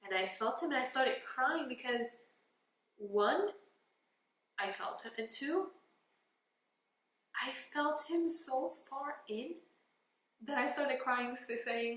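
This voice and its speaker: A woman's voice: on the high side, takes it slowly, long pauses. Sniffling young woman telling a candid story. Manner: candid, animated and emotional, with whispered asides. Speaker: vlogger. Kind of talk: personal storytelling to camera. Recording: roomy echo with faint background noise.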